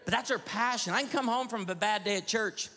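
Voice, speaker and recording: A man in his forties doing a stand-up comedy routine on stage, telling animated stories with quick asides to the audience. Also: high voice. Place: church hall on stage. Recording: hall reverb with faint audience ambience.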